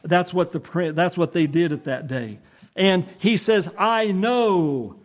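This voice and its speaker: A man preaching a sermon, explaining scripture earnestly and emphatically, with rhetorical questions to his listeners. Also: a little high. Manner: reads scripture slowly in old-fashioned English.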